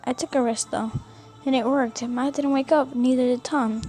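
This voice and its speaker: A woman's voice: high-pitched, fairly even intonation, normal speed, warm tone, faint music behind. A young woman casually reading a fan fiction story aloud, often stumbling and rereading words.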